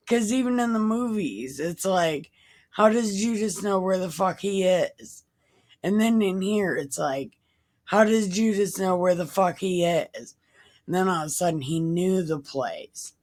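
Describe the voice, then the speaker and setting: A woman's voice: fairly low pitch, measured pace, darkish tone. A woman reading Bible passages aloud and breaking off for irreverent, profane, wisecracking asides in a casual tone. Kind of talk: casual scripture reading with commentary.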